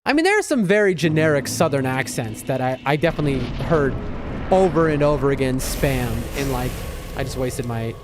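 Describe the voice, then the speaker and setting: A man's voice: medium pitch, expressive, brisk, noisy background. A man streaming a game live, chatting casually, reacting to the action and answering his chat. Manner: chatty, reacts to gameplay and reads chat aloud. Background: loud game music.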